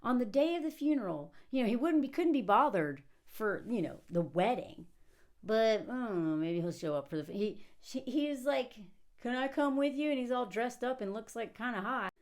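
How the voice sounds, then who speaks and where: Sarcastic woman ranting about a movie, kinda high voice, laughs a lot, acts out the lines. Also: normal speed. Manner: sarcastic and animated, acting out characters' lines; laughs often mid-sentence. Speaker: movie commentator. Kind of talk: casual film commentary.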